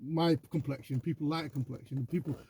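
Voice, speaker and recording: A man's voice: fairly high pitch, a little fast, vocal fry, mellow, slight background noise. A man in casual conversation who rambles and boasts, swears freely and keeps asking "you know what I mean?". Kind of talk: casual chat.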